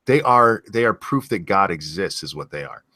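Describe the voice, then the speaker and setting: A man's voice: low-pitched, animated, moderate pace, sharp tone, no room sound, studio quality. An American man hosting a casual stream, joking and reading viewer questions aloud. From United States.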